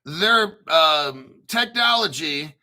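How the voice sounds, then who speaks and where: A man hosting a crypto show, ranting bluntly and profanely while clearing his throat often. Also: a little high, expressive, drawn-out words, bright, forceful tone.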